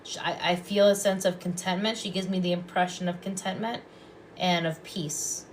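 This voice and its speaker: A calm woman with a fairly low voice gives psychic readings on a live stream. She speaks softly and unhurriedly and comes back to the same phrases again and again. A faint hiss sits under her voice. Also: moderate pace. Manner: calm, soft-spoken, repeats phrases. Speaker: psychic reader and past life regressionist.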